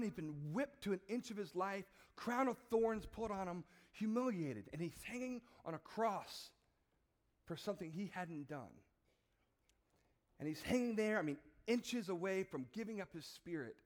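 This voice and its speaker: A man preaching a sermon, telling stories and acting out the voices in them in a conversational way. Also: high voice. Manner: acts out voices in illustrations, conversational. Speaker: pastor.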